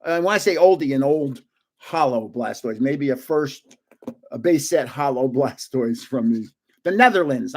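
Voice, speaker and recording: An older man casually opening trading cards on a live stream, chatty and excitable, guessing aloud and laughing often. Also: mid-range voice, a little slow. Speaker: card-opening vlogger.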